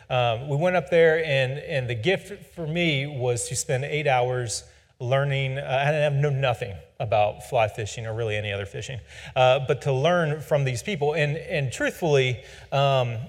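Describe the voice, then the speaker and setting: A man in his forties telling a rambling personal story with self-deprecating humor. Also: medium pitch. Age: 40s. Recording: long reverb.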